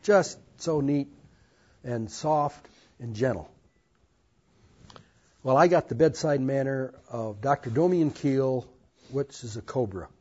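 A man's voice: mid-range voice, slow pace, pauses often, darkish tone, husky. An older man earnestly telling his life story to an audience, with folksy asides, in a dull lo-fi recording. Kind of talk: personal testimony to an audience.

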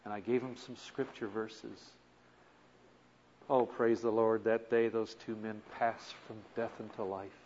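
A man preaching a sermon as a story, animated, moving from soft to loud. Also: fairly low pitch, a little slow, muffled recording, slight background noise.

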